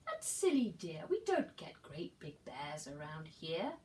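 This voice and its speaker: A woman voicing a cheerful, brisk mother in a picture book, chiding her son fondly. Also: low-pitched, huge pitch swings, recorded from a distance, pitched below the performer's own voice, heavily acted. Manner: bright, chiding storybook-mum tone.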